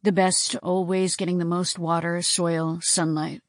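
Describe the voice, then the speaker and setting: A woman reading an audiobook and voicing a cold, bored, sarcastic male captor with a deep voice. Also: little pitch movement, unhurried, no room sound, clean studio sound, natural voice. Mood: menacing.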